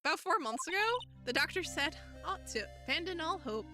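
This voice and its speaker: A woman's voice: very high-pitched, expressive, fairly quick, faint music behind, voice pushed up, heavily acted. A woman doing a frail, creepy young waitress. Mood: eerie. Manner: quiet, soft and creepy. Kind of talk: reading game dialogue aloud.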